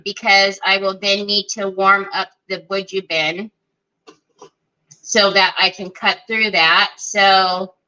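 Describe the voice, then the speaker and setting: A woman's voice: mid-range voice, sharp tone, rough recording. A middle-aged woman hosting a live crafting stream, chatty, greeting viewers by name with many fillers. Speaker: crafting livestream host.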